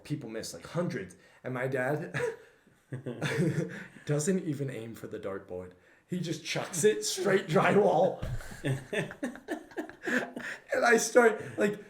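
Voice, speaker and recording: A young man with a slightly high voice tells funny stories on a casual podcast, laughing often as he goes. His pitch swings widely. The room around him is roomy and echoey. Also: fairly bright tone. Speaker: podcast co-host. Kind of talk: casual storytelling chat.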